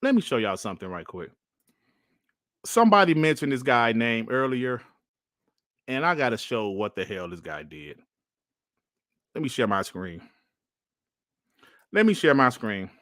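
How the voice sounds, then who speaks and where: A man hosting a gaming podcast, ranting in an exasperated, animated way on a livestream, repeating himself and sighing between phrases. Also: medium pitch, a little slow, long pauses, no room sound, studio quality. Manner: sighs and coughs between phrases. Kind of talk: livestream commentary and rant.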